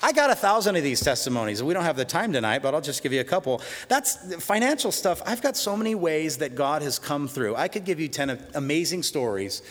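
A middle-aged man preaching a sermon as pastor, swinging between loud praise and hushed storytelling. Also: fairly high pitch, animated, a little fast, few pauses. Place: church sanctuary. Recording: long reverb of a large hall.

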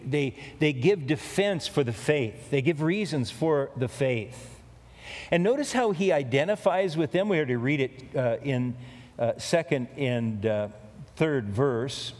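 Man preaching with hall reverb. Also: mid-range voice. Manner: conversational, repeats key phrases for emphasis. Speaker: pastor. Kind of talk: sermon.

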